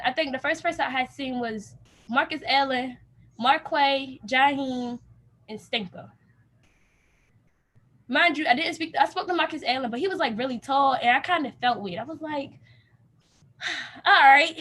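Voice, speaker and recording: A young woman casually telling a story to a group, acting out what people said in lively quoted dialogue. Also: sits high. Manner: animated, acts out quoted dialogue with laughs. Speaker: youth program participant.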